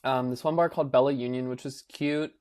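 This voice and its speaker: A young man co-hosting a podcast, chatting casually and telling an animated story, acting out quotes with lots of filler words. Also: mid-range voice, a little fast. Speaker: podcast co-host. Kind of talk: casual chat.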